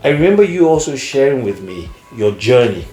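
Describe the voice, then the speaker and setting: A man's voice: mid-range voice, sing-song, fairly quick, dark tone. Male interviewer in an echoey room. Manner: brief affirmations, prompting questions. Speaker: host. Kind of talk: interview questions. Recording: echoey room with faint music.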